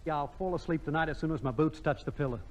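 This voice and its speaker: An actor playing a sleepy, slow-witted Australian sidekick with a drawling manner in a 1950s radio comedy. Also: male voice, a little high, big-room sound, very noisy, close to an everyday voice. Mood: dopey. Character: dopey, sleepy male sidekick. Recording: dull old radio broadcast.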